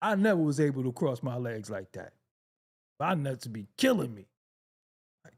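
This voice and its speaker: A man's voice: mid-range voice, very animated, normal speed, husky. A man hosting a casual reaction video, joking, laughing often and swearing freely as he comments on clips.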